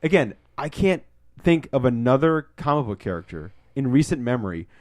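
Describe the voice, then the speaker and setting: A man co-hosting a podcast, telling stories in a casual, excitable way and swearing freely. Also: mid-range voice, normal speed. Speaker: podcast co-host. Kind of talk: casual storytelling.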